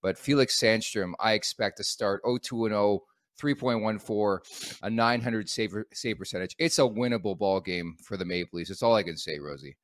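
A man's voice: fairly low pitch, moderate pace, no room sound, clean studio sound. A man hosting a sports podcast, upbeat and joking as he steers the talk. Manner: upbeat, joking, leads the segments. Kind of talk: casual sports chat.

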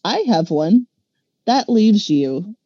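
A woman's voice: mid-range voice, lively intonation, slow pace, dark tone, dry recording, muffled recording. A woman voicing a determined young noble girl who speaks firmly and insistently while reading a storybook aloud. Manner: firm, insistent.

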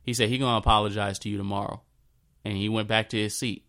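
Man in his thirties, personal storytelling, low voice, smooth and clear tone, halting and repetitive delivery. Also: level tone. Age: 30s. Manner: halting, repeats himself, drifts into a soft low voice.

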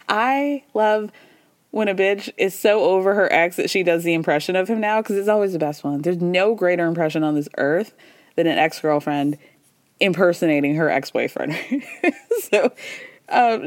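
A woman hosting a podcast, casually recapping a reality show in a gossipy, animated way, laughing often and quoting people in quick little voices. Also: mid-range voice, no room sound, clean studio sound.

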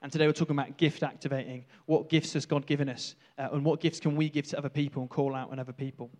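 A man's voice: a little high, little pitch movement, quick pace, a little mellow. A man preaching a sermon in a church, jokey and self-deprecating. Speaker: pastor. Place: church hall. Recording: echoey hall from far off.

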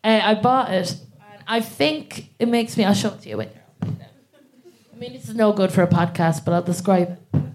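A woman's voice: medium pitch, moderate pace, a little mellow. A woman with an Irish accent, guest co-hosting a live comedy podcast in a theatre, telling self-mocking stories in a rambling way. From Ireland. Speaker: guest co-host. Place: theatre stage before a live audience.

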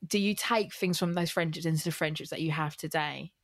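A woman's voice: low-pitched, a little fast. A woman hosting a podcast, asking long, searching questions with many fillers. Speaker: podcast host. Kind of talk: conversational interview.

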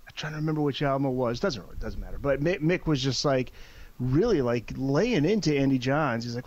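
A man's voice: medium pitch, animated, brisk, a little mellow, dry recording. A man telling stories in a casual podcast chat, rambling with restarts. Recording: dull, lo-fi mic.

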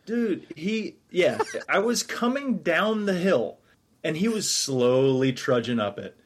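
A man's voice: fairly high pitch, expressive, slow. A man in laid-back, self-deprecating casual chat with friends.

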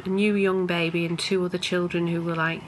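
A woman's voice: lowish voice, level tone, a little fast, slight background noise. A woman interviewing her partner on a podcast with probing, leading questions. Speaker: co-host, interviewer.

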